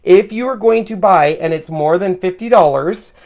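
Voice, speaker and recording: A man's voice: high voice, moderate pace, darkish tone. A man hosting a live craft tutorial, chatting step by step and thinking aloud as he lays out a card. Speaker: craft host demonstrating card making.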